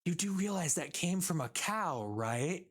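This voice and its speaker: A streamer voicing a fussy, rude woman customer at a sandwich shop in a lowered, prim voice. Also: lively intonation, unhurried. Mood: pointed.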